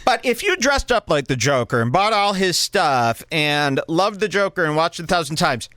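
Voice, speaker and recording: A man hosts a podcast in a dry, close-mic studio sound, rambling and emphatic with his opinions. His voice jumps around a lot in pitch as he talks. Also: big pitch swings, moderate pace, bright, forceful tone, no room sound. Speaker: podcast host. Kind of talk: casual chat, movie review.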